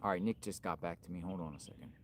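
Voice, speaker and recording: A man hosting a livestream from outdoors, giving excitable, rambling on-the-spot commentary. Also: low-pitched, rapid-fire, a little hiss or hum. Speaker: livestream host. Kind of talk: live on-location commentary.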